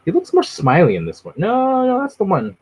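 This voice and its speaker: A man's voice: fairly high pitch, quick pace, husky. A man chatting casually on a livestream, rambling and hopping from one thing to the next. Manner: rambling, animated, jumps between topics. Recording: dull lo-fi recording.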